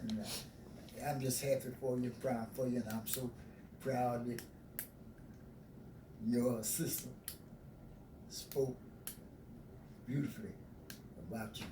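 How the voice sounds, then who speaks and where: A man interviewing guests, halting and repeating words while encouraging them. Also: mid-range voice, fairly even intonation. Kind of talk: community talk show interview. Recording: roomy, distant, noisy.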